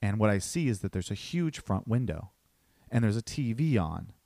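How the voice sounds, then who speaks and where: Animated man telling a story. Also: on the low side, moderate pace, vocal fry, no echo, clean studio sound. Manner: animated, acts out every voice, swears freely. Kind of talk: casual storytelling.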